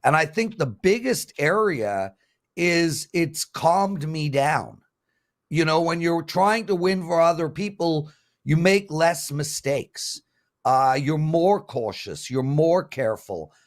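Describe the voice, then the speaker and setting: A man hosting a sports betting talk show, unhurried and drawn out, with a lively, slightly high voice. He chats and mocks as he reads out chat-room comments and picks them apart. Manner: chatty, mocking, reads viewer comments aloud. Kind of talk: casual panel talk.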